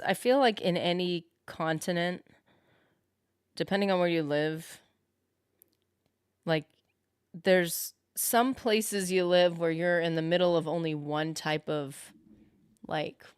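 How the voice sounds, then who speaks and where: A woman's voice: fairly low pitch, clear, resonant tone, no room sound, clean studio sound. A woman streaming a game live, chatting casually and thinking aloud as she answers her viewers. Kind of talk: casual live-stream chat while gaming.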